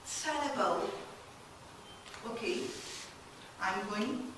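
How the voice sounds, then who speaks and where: Slow lecturing woman in an echoey room. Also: medium pitch, lively intonation. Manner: slow, halting explanation with questions to the class. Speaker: literature lecturer. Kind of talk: classroom lecture. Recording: very echoey room, distant mic, faint noise.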